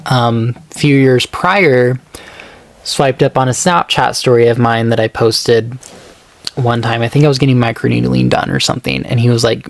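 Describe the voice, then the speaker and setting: A podcast co-host with vocal fry and fairly even intonation speaks at normal speed, with no echo. He tells a personal story casually and ramblingly, full of fillers, acting out quoted texts in a higher voice.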